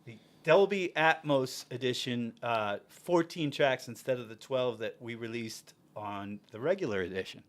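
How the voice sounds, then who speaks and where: A man, a guest musician on a podcast, telling a casual story in an animated way, laughing and acting out what people said. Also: mid-range voice, normal speed, hardly any pauses. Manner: animated, acts out quotes with laughter.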